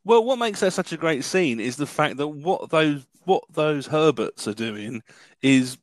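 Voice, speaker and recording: A man's voice: on the high side, expressive, measured pace, no echo. Rambling, jokey man. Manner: rambling, jokey, acts out quoted lines. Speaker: film podcast co-host. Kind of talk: casual chat.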